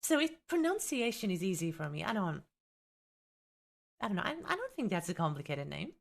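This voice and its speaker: A woman's voice: lowish voice, big pitch swings, fairly quick, vocal fry. A young woman with a light Finnish accent, streaming live as a tabletop game content creator, chatting with viewers in a teasing way and reading from a rulebook. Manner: chatty, reacts to viewers, teasing, exasperated laughs.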